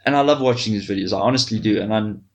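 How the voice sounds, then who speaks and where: A man's voice: lowish voice, rapid-fire, muffled recording. A man, a knife maker in crude, joking casual chat. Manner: swears a lot, laughs and mimics others.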